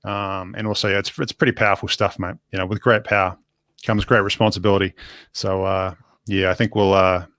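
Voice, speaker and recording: A man with a New Zealand accent, a guest on a video call, chatting casually and trading deadpan jokes. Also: deep voice, a little fast, no echo, clean studio sound. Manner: joking, deadpan banter. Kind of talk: casual chat.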